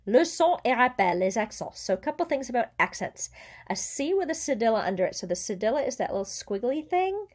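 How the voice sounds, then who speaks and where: A woman teaching a language lesson, explaining clearly and carefully and slowing down on example words. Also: on the high side, sing-song, darkish tone. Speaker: French teacher.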